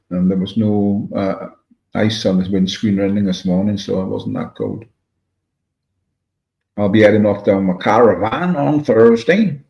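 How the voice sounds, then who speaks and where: Welsh man rambling on a livestream. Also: fairly low pitch. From Wales. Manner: rambling, greets viewers by name. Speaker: livestream host reading chat. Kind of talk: casual chat. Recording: echoey room, dull lo-fi sound.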